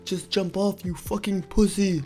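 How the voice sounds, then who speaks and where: A man voicing a stern, mystical male war chief who gives slow, solemn commands. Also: high-pitched, fairly even intonation, over music, voice pushed up. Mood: scornful.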